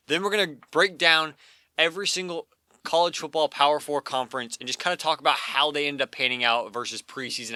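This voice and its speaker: A man co-hosting a casual sports podcast, opinionated and rapid, full of fillers and restarts. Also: fairly high pitch, pushed and bright, no echo. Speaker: podcast co-host.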